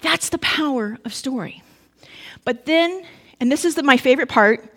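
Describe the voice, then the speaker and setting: A woman pastor preaching in a relaxed, conversational way. Her voice is slightly high, and she mixes storytelling with quick joking asides to the congregation. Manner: casual storytelling with asides and humor. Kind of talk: sermon.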